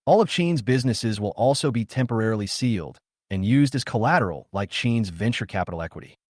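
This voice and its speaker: A man's voice: fairly low pitch, lively intonation, brisk, no echo, clean studio sound. A man voicing a cold businesswoman executive. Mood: cold, formal. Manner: curt, formal, matter-of-fact. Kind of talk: story recap narration.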